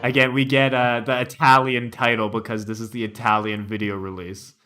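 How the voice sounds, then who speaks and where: A man's voice: mid-range voice, flat delivery, fairly quick, sharp tone, soft background music. A man streamer giving casual reaction commentary, laughing often and joking around.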